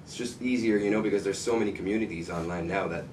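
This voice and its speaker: A man's voice: deep voice, quick pace. A man in a band answering interview questions casually, full of "like" and "you know". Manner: relaxed, filler-heavy, says like and you know a lot. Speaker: band member. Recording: distant mic, faint noise.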